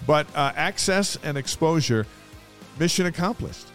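A man co-hosting a casual sports podcast, telling anecdotes in a lively way. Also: on the high side, moderate pace, soft background music. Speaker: podcast co-host. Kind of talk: casual sports chat and storytelling.

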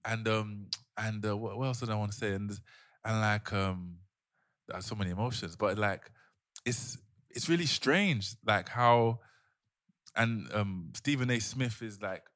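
A man's voice: lowish voice, unhurried, fairly bright tone. A man co-hosting a podcast, speaking hesitantly with many fillers in casual group discussion. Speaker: podcast co-host.

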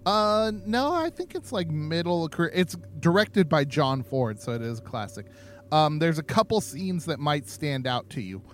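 Tipsy rambling podcast guy, slightly high voice. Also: very animated, moderate pace. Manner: rambling, laughs often. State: tipsy from drinking. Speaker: podcast co-host. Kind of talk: casual chat.

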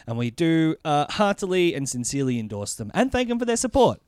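Podcast guy, higher voice that jumps around a lot, keeps saying yeah. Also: sing-song, fairly quick, darkish tone, clean tone, dry recording, clean studio sound. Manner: agreeable, fills in with yeahs. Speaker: podcast co-host. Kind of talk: casual chat.

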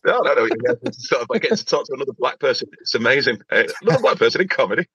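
Lively bright-voiced man telling stories. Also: mid-range voice, rapid-fire, slightly rough, no echo. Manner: animated anecdote-telling with repeated restarts. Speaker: guest comedian. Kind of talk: casual podcast chat, storytelling. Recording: dull lo-fi recording.

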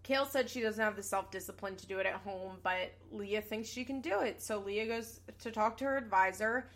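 Young woman host, casual chatty recap delivery, sarcastic and profane, mid-range voice. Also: medium pitch. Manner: chatty, sarcastic, swears casually, quick asides. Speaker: podcast host recapping a reality show. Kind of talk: casual chat.

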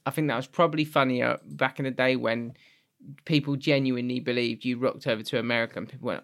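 Casting: male podcast co-host, mid-pitched, lively, quick to laugh. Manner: animated, laughs often, pitch jumps when outraged. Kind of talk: casual chat.

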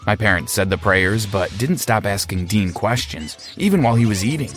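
A young man narrating a first-person story in a steady storytelling manner. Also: fairly low pitch, moderate pace, faint music behind.

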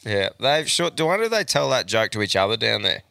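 A man's voice: fairly low pitch, very animated, quick pace, vocal fry, sharp tone, no room sound, clean studio sound. An Australian man co-hosting a podcast in casual chat, laid-back, swearing freely and laughing often. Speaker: podcast co-host.

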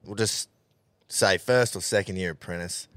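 A man's voice: low-pitched, normal speed, a bit bright, no room sound. A man with an Australian accent hosting a podcast, asking his guest blunt questions in casual, sweary talk. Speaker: podcast host. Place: studio.

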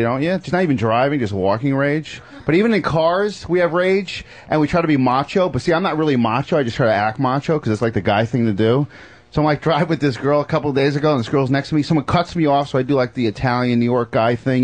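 A man performing a stand-up set. He grumbles through the set and bursts into shouted impressions. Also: medium pitch. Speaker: stand-up comedian.

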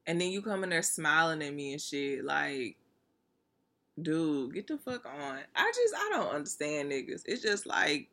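A woman's voice: low voice, big pitch swings, a little slow, a bit bright. A woman talking straight to her listeners in a casual, candid monologue, blunt and full of profanity, laughing now and then.

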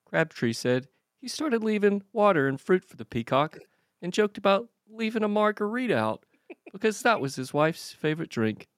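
A man's voice: high-pitched, big pitch swings, normal speed, dry recording, clean studio sound. A man co-hosting a casual comedy podcast, trading crude, self-mocking banter. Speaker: podcast co-host.

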